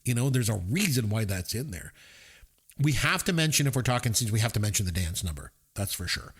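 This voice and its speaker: A man's voice: on the low side, sing-song, a little fast, a bit bright, husky. A man co-hosting a podcast, rambling casually through a movie review and laughing as he retells scenes. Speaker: podcast co-host.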